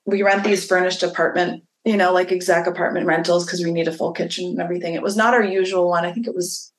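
Animated businesswoman telling stories, gravelly. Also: lowish voice, echoey room. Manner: animated, acts out quoted dialogue. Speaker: business owner. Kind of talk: casual interview storytelling.

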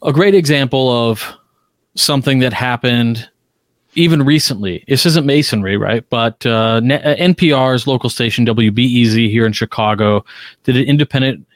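A man's voice: medium pitch, normal speed, no echo, clean studio sound. A man co-hosting a casual podcast panel discussion, talking emphatically with lots of restarts. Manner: emphatic, animated, frequent restarts. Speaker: podcast co-host. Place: Chicago.

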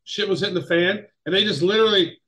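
A man's voice: high voice, fast talker, sharp tone, rough recording. A man co-hosting a podcast, chatting casually and rambling with many fillers. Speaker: podcast co-host. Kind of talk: casual chat.

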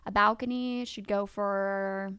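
A woman co-hosting a casual podcast, animated, laughing often and reading news stories aloud. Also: mid-range voice, slow, smooth. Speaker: podcast co-host. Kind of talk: casual chat.

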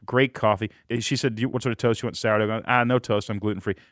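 A man hosting an interview podcast, telling stories with enthusiasm in quick bursts. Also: lowish voice, no echo, clean studio sound. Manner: energetic, storytelling, quick bursts. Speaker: podcast host.

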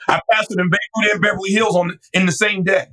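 A middle-aged male pastor recounting his story in an interview, animated and quick to act out voices. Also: sits high, rough recording. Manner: animated, laughing, acts out voices.

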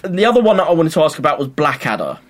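In a casual podcast chat, the co-host talks very fast in a fairly high voice, animatedly telling stories and performing sketch voices.

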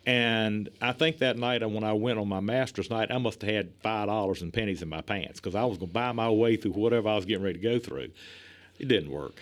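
A middle-aged man telling stories in a casual chat, animated and chuckling, acting out the lines he quotes. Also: fairly low pitch, fairly quick.

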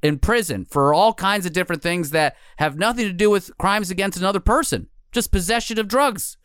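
A male podcast host talking casually, earnest and chatty, with a fairly high, smooth, clear voice. The sound is dry and close, with no room around it. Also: a little fast, fairly bright tone, dry recording. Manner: earnest, chatty, laughs often.

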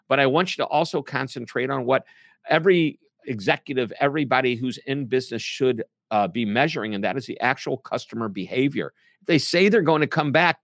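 A man, a book author, answering interview questions in a lively, joking way. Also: medium pitch, no echo, clean studio sound. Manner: animated, playful, jokes and puts on quick impressions. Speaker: author and podcast guest.

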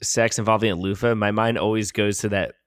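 A man co-hosting a podcast, chatting casually, asking questions with halting restarts. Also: lowish voice, fairly even intonation, clear, resonant tone, no echo, studio quality. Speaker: podcast co-host. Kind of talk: casual chat.

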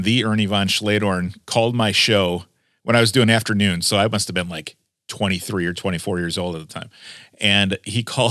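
A man's voice: on the low side, a bit bright, no echo, studio quality. A man, a radio host telling stories in a rambling casual chat. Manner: rambling storyteller with fillers.

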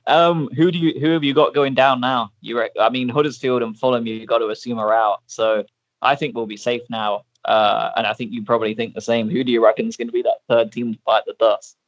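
A man's voice: medium pitch, fairly even intonation, fairly quick, dry recording. Chatty podcast host, man. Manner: chatty, laughs often, many fillers. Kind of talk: casual podcast chat.

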